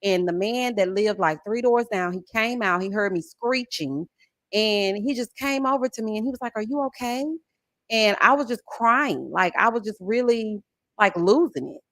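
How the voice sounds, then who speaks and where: A woman in her forties chatting on a livestream, telling an animated, expressive story and thanking viewers. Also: medium pitch, normal speed, dry recording. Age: 40s. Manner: animated, expressive storytelling with chat shout-outs. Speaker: livestream host. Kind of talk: casual livestream chat and story time.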